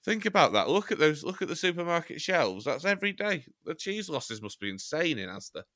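A man from Chester co-hosts a podcast in loose, joking banter, wandering off on tangents and swearing now and then. His voice is bright and forward. The sound is dry and close, with no room in it. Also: a little high, sing-song, brisk, no echo. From Chester, England. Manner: rambling, jokey, swears casually. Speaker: podcast co-host. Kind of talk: casual banter.

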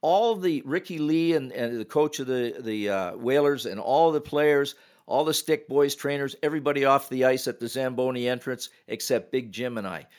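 Older man, podcast guest, animated anecdotal storyteller with punchy quoted lines. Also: mid-range voice, normal speed, smooth. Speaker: retired hockey referee, guest. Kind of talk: casual storytelling.

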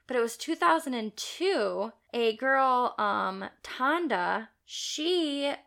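A woman's voice: high-pitched, lively intonation, takes it slowly, creaky, a bit bright. A woman co-hosting a casual podcast chat, recounting stories with frequent small laughs. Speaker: podcast co-host.

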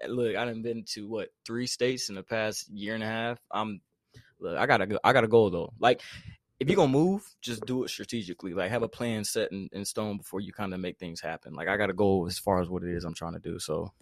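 A man's voice: on the low side, a little fast, dry recording, studio quality. A young man from the Carolinas co-hosting a podcast in casual, slangy chat, often laughing. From North Carolina. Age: young adult. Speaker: podcast co-host.

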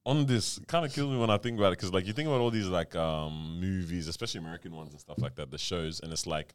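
A man's voice: deep voice, quick pace, few pauses, smooth. A man co-hosting a podcast in casual chat, laid-back and laughing, often saying bro. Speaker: podcast co-host.

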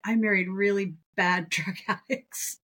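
A middle-aged woman in casual podcast chat, expressive and laughing often, acting out quoted voices. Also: mid-range voice, a little slow, slightly rough. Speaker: podcast co-host.

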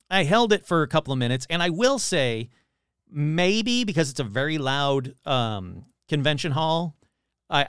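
Animated man rambling through a comic story. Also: on the high side, smooth, dry recording, studio quality. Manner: rambling, full of "like" and self-corrections.

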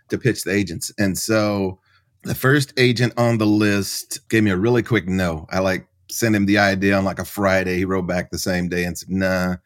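A middle-aged man, a writer and professor, answering as a podcast guest in an animated storytelling way. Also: on the low side. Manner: animated storyteller, acts out quoted voices.

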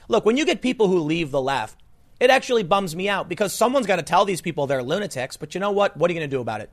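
A man's voice: lively intonation, fast. A man delivering a political commentary monologue as a podcast host, incredulous and emphatic, often restarting his sentences. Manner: incredulous and emphatic, with frequent restarts and sharp swings in pitch.

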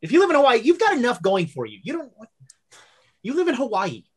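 A woman's voice: a little high, wildly swooping pitch, fast, breathy edge. Rambling woman running a game. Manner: rambling, many fillers and self-corrections. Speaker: game master. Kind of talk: narrating a tabletop game.

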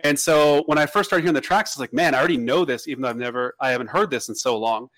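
A man's voice: medium pitch, rapid-fire, a bit bright. A man co-hosting a casual podcast, talking at length in a rambling way with many restarts. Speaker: podcast co-host. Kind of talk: casual chat.

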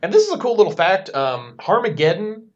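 A man with a fairly high voice that swoops and bounces a lot as he talks. He co-hosts a podcast in a loose, joking style, full of dry, sarcastic asides. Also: huge pitch swings, a little fast, a little mellow, lo-fi sound. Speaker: podcast co-host. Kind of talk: casual comedic chat about scripture.

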